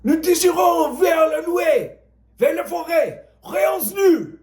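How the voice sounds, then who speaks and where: A man voicing an urgent Belgian soldier, shouting commands. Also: high voice, very animated, measured pace, roomy sound, voice pushed up, heavily acted.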